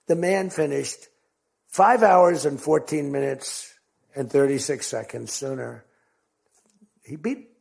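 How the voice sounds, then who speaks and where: A man's voice: on the high side, creaky, darkish tone, slightly rough. An older American man giving a rambling speech to a crowd, telling stories and acting out quotes. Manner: rambling, repetitive storytelling with acted-out quotes.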